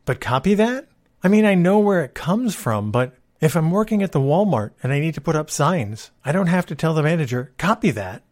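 A man's voice: a little high, expressive, brisk, hardly any pauses, a little mellow. A man hosting a casual solo podcast, talking in a wry, exasperated way. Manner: wry, exasperated complaining about movie cliches. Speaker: podcast host.

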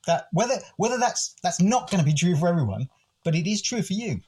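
Husky, thoughtful older man from Britain. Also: on the high side, very animated, quick pace, darkish tone. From United Kingdom. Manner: thoughtful, literary, musing. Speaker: guest, philosophy podcast host. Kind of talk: reflective interview talk.

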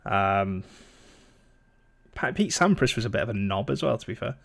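A man's voice: on the low side, animated, moderate pace, creaky, a bit bright. A man co-hosting a casual podcast, rambling and swearing, laughing often. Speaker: podcast co-host. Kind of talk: casual chat.

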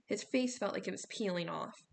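A woman reading a novel aloud, steady storytelling with small slips. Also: mid-range voice, moderate pace, gravelly, slight background noise. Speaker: audiobook reader.

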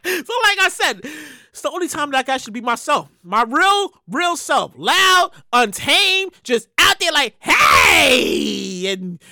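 A man hosting a solo podcast, talking loudly and animatedly with plenty of profanity. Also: extremely high pitch, moderate pace, dry recording, clean studio sound. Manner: loud, animated, profane ranting. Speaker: podcast host. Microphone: studio microphone.

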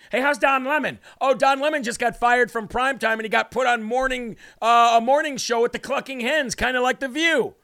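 Very high-voiced man ranting mockingly. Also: vocal fry. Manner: mocking and ranting, with bursts of shouting. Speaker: livestream host. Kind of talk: political commentary livestream.

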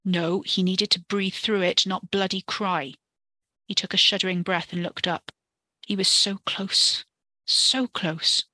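A woman reading a story for a podcast in a steady, expressive way. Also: medium pitch, a little slow, dry recording. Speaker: podcast narrator.

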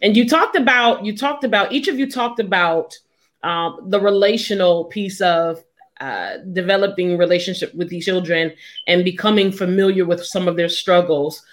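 A woman hosting a panel discussion, framing questions haltingly with many fillers. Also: lowish voice. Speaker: host.

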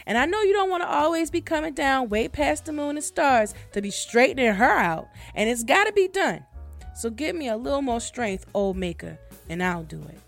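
A woman's voice: high voice, expressive, moderate pace, vocal fry, faint music behind, voice pushed up. A woman voicing a boastful man in a folktale who demands to be his wife's boss, in a folksy drawl. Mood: pleading.

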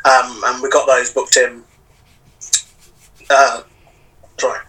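A man's voice: medium pitch, level tone, slow pace, pushed and bright, slightly rough, distant mic, low-quality recording. A man, a wrestling promoter and wrestler, chatting casually on a podcast over a video call and rambling with lots of "you know" fillers.

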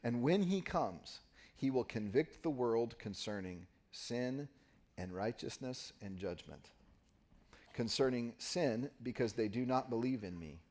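A male pastor gives a sermon in a church at a mid-range pitch. He reads scripture aloud and then unpacks it patiently, pausing to stress key words. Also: lively intonation, a little mellow. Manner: explanatory, pauses for emphasis, reads scripture aloud.

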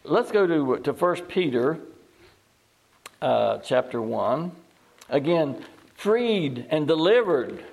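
Higher-voiced man preaching a sermon. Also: sing-song, slow pace, vocal fry, long pauses, darkish tone. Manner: reads scripture aloud and asks the listeners questions; repeats words and restarts phrases. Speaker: pastor.

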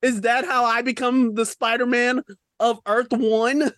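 A man's voice: very high voice, flat delivery, measured pace, fairly bright tone, dry recording, clean studio sound. A young man co-hosting a podcast, ranting animatedly about films with slang and rhetorical questions. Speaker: podcast co-host. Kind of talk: casual film-review rant.

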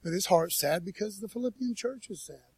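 High-voiced casual preacher, folksy and dry. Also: male voice, expressive, brisk, darkish tone, husky, no echo. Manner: folksy, peppered with "man" and "you know". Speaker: pastor. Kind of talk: casual conversational sermon. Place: church.

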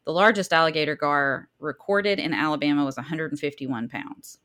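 A woman with a Southern American accent co-hosts a casual podcast, reading through her research in a low-pitched voice. She is chatty and laughs easily, and now and then she trips over a difficult word. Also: brisk, fairly bright tone. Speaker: podcast co-host.

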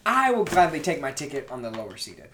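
Brief: young male sports podcast co-host, slightly high voice, joking banter. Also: huge pitch swings, fast, crowd noise. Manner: bantering, reads game schedules aloud. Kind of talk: casual sports chat. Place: indoor studio beside co-hosts.

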